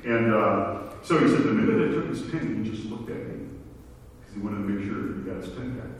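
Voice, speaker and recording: A man's voice: fairly low pitch, expressive, brisk. A man preaching a sermon, telling stories in a conversational way with asides. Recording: echoey hall from far off, faint noise.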